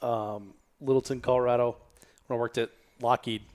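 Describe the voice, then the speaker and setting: A man's voice: mid-range voice, fairly even intonation, normal speed, darkish tone. A man hosting a podcast, chatting casually and telling anecdotes. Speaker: podcast host. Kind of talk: casual chat.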